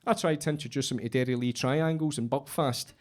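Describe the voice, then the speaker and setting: A man's voice: mid-range voice, fairly even intonation, brisk, a little mellow. A middle-aged Scottish man doing a stand-up set, telling stories dryly and landing punchy punchlines. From Scotland. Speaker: stand-up comedian.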